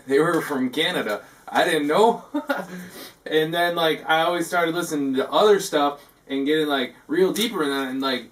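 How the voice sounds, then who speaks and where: A man hosting a comic talk segment, rambling and halting, filling his talk with "like" and tacking on "eh". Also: fairly high pitch, a bit bright, far from the mic. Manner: halting, full of "like" and tacked-on "eh". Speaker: host of a parody talk segment.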